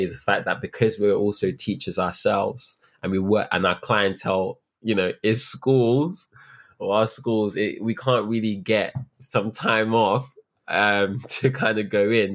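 A young man who works as a teacher, talking earnestly and reflectively in a casual interview, with many fillers and restarts. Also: lowish voice. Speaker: teacher, guest.

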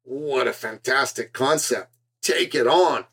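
A man's voice: mid-range voice, takes it slowly, a bit bright, breathy edge. A man hosting a podcast, delivering an earnest, emphatic, scripted motivational monologue. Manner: earnest and emphatic, with a preacher-like build. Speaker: podcast host.

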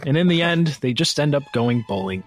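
A man's voice: fairly high pitch, expressive, a little fast, soft background music. A man reading a silly plot summary aloud to friends, often breaking into laughter as he goes. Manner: reads with rising giggles, breaks into laughter.

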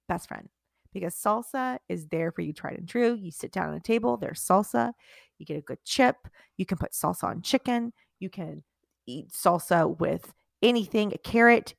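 A woman's voice: medium pitch, vocal fry, no room sound, clean studio sound. A woman co-hosting a casual podcast chat, playful, defending her opinions with mock seriousness. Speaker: podcast co-host.

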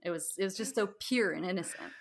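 A woman's voice: lowish voice, fast talker. A woman co-hosting a casual conversation, bubbly and laughing as she tells anecdotes.

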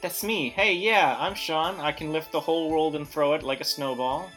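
A man's voice: a little high, normal speed, fairly bright tone, soft background music. A man taking part as a player in a tabletop game, bantering in a goofy, boastful way. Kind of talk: casual chat.

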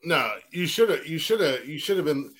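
A man's voice: a little high, expressive, brisk, fairly bright tone. A man hosting a casual podcast, crude and teasing, joking around with his co-host. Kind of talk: casual chat.

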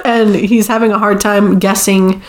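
A woman co-hosting a podcast, casually recapping a movie in a chatty storytelling way and dropping into quick character voices. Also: medium pitch, level tone. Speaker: podcast co-host.

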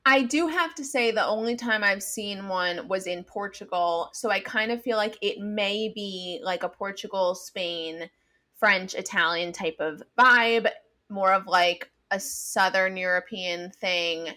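Bright-voiced woman podcast guest. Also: medium pitch. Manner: playful, quick to laugh. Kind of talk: casual chat.

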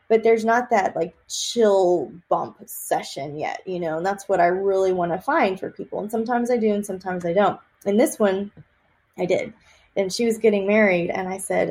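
A woman from Texas, a psychic medium, chatting in an interview and telling lively stories with many fillers and laughs. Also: mid-range voice, moderate pace. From Austin, Texas. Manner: animated storyteller, laughs often, many fillers. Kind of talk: casual interview chat.

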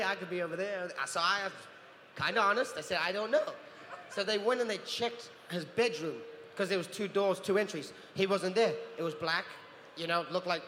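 A man in his thirties from New Zealand, telling animated stories as a guest on a convention panel and acting out other people's voices. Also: high-pitched. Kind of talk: anecdotal storytelling. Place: large convention hall. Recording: convention hall with reverb and faint noise.

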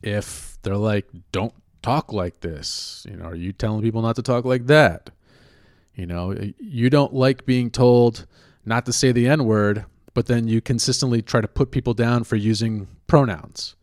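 A man's voice: mid-range voice, normal speed, darkish tone, no echo, clean studio sound. Blunt, profane man ranting. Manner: profane, blunt, self-questioning. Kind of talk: casual rant.

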